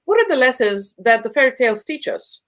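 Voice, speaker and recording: A woman with a somewhat high voice explains how relationships work on a podcast. She talks in an emphatic, teacherly way and stacks words into lists to drive each point home. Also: very animated, a little fast. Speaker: guest speaker on relationships.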